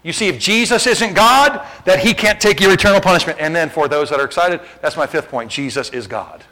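A man's voice: fairly high pitch, lively intonation, brisk, bright, forceful tone, low-quality recording. A male pastor preaching a sermon, shifting between casual asides to the congregation and emphatic, rising exhortation.

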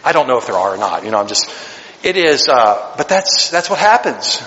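A man preaching a sermon as pastor, animated and joking, acting out little voices to make his points. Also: mid-range voice, fairly quick, dull audio, slight background noise. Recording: long hall reverb.

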